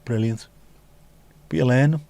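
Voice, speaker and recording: His voice is mid-range, creaky, and mellow, at a normal speed. He's a livestream host from England who reads viewer comments and chats casually, with rambling, jokey asides and liberal swearing.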